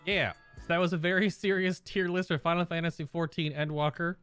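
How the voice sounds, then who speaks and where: A man's voice: on the high side, steady tone, a little fast, a bit bright, smooth, dry recording, faint music behind. A man streamer giving casual, rambling reaction commentary in an amused way.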